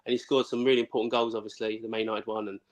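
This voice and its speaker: A man's voice: lowish voice, little pitch movement, crowd noise. A man, a former footballer telling stories as a guest in a casual chat, blunt and full of swearing and restarts. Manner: rapid, blunt, swears freely, many restarts. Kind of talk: casual storytelling.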